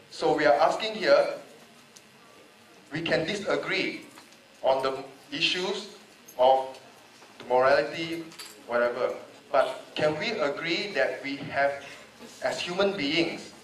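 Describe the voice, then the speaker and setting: A man's voice: medium pitch, a little hiss or hum. A man from Malaysia giving an emotional, pleading speech in a public debate, repeating rhetorical questions. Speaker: panel speaker. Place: large echoey hall. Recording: echoey hall, voice a bit far off.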